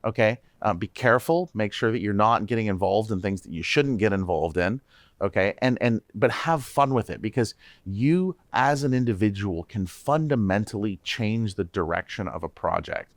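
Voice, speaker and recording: A man, a tech company CEO, guesting on a casual podcast, energetic and repeating his words as he speaks straight to listeners. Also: lowish voice, normal speed, no room sound.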